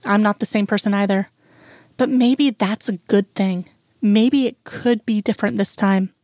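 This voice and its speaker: A woman's voice: medium pitch, steady tone, moderate pace, dry recording, lightly acted. Brief: woman narrator doing a wry, hopeful guy in his thirties, self-deprecating, dry close sound. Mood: wistful. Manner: self-deprecating, gently joking.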